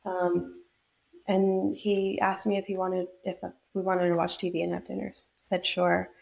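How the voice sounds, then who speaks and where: Young woman with a gravelly voice. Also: on the low side, completely flat delivery, measured pace, darkish tone. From New York state. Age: young adult. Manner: reflective, many fillers and restarts. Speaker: podcast guest. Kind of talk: personal storytelling in an interview.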